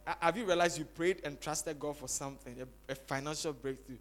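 A man preaching a sermon as pastor, swinging between loud exclamations and soft quick asides. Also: on the high side.

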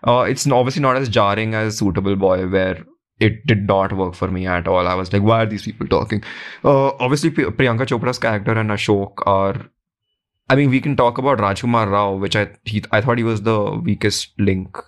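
A man's voice: on the low side, fairly quick. A man co-hosting a podcast, giving frank, opinionated film criticism in casual chat. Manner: frank, opinionated, with frequent fillers.

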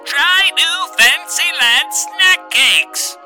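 A snooty mock-commercial announcer, voiced by a performer rolls out the pitch in a high, swooping, sing-song voice. The delivery is slow and drawn out, with music running underneath. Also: animated, sharp tone, full character voice. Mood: mock-grand.

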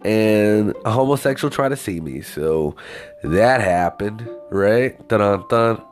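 A man telling a story in a casual, profane, rambling rant with lively swings of pitch. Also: slow, soft background music.

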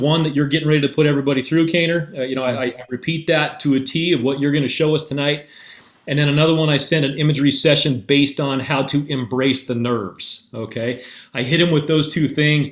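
A man who is a guest and mental performance coach, telling a story in a relaxed, conversational way with frequent fillers. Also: on the high side, fairly quick. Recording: echoey room.

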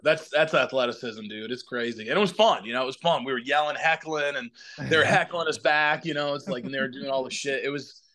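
A man's voice: medium pitch, a little fast. A man in his forties chatting casually as a podcast guest, swearing freely and acting out quotes as he tells stories. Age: 40s. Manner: profane, animated storytelling with acted-out quotes. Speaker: podcast guest, band vocalist. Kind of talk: casual chat.

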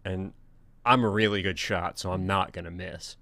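A man's voice: sits low, steady tone, normal speed, sharp tone, no room sound. A man co-hosting a podcast, joining the casual chat with laid-back, profane banter. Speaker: podcast co-host.

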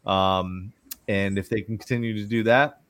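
A man's voice: lowish voice, moderate pace, no echo. A man hosts a laid-back hockey chat, rambling a little with fillers. His voice sits dry and close, with no room around it. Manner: relaxed, chatty, many fillers. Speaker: host of a hockey stream. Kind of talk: casual sports chat.

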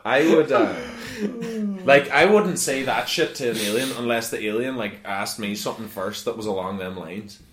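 A man's voice: lowish voice, moderate pace, fairly bright tone. A young man, swearing and laughing as he rambles in casual podcast chat. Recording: echoey noisy room.

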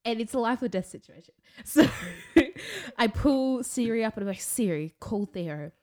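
A woman's voice: a little high, lively intonation, moderate pace, a little mellow. A young woman co-hosting a podcast, retelling an event with dramatic flair and frequent laughter in casual chat. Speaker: podcast co-host.

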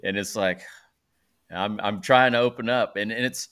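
A man's voice: lowish voice, moderate pace, clear, resonant tone. A man hosting a podcast, talking casually and openly about his own therapy. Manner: relaxed, says bro, open about himself. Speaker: podcast host. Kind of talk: casual chat.

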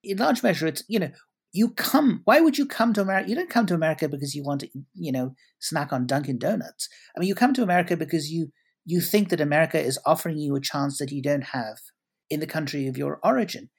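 A man's voice: fairly high pitch, lively intonation, quick pace, vocal fry, slightly rough. A man answering interview questions at length, articulate and elaborate, often restarting his sentences. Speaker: guest commentator.

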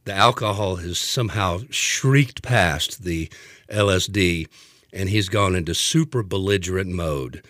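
A man telling a comic story in an animated way, acting out the voices of the people in it. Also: low-pitched, measured pace, dry recording, studio quality. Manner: animated, acts out voices, laughs a lot.

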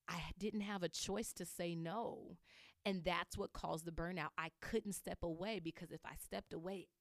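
Earnest woman host, low voice, dry. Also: no echo. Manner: earnest, emphatic, with fillers. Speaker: podcast host. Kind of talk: personal storytelling monologue.

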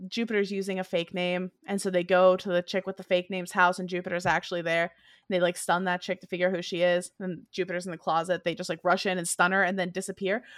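A woman chatting casually about a movie, animated and opinionated, laughing often. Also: fairly low pitch, dry recording, clean studio sound. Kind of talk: casual movie review chat.

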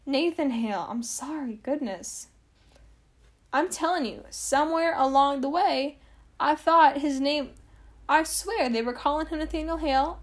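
With a high voice and an unhurried pace, a young woman hosts a history podcast. She tells the story casually, packing it with fillers, wry asides and mock quotes.

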